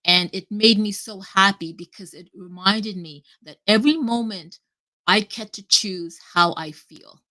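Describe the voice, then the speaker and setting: Bright-voiced woman on a live audio chat, chatty and rambly, keeps restarting sentences, casual swearing. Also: mid-range voice, a little slow. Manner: rambling, animated, self-interrupting, swears casually. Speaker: guest speaker.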